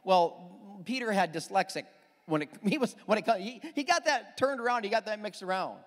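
Male pastor preaching, high voice that swings all over, long church reverb. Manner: emphatic, animated preaching with quick asides. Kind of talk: sermon.

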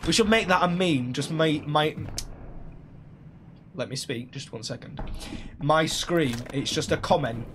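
A man's voice: on the high side, fairly bright tone, a little hiss or hum. A young man streaming a game, chatting casually, repeating himself and laughing at his own jokes. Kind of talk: casual live-stream chat while gaming.

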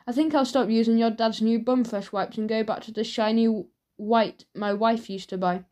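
An earnest, easily wounded shopkeeper man from a children's storybook, played by a woman narrator. He talks gravely and fusses over small matters. The voice sits fairly high. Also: steady tone, moderate pace, a little mellow, close to an everyday voice. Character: earnest, fussy adult male shopkeeper.

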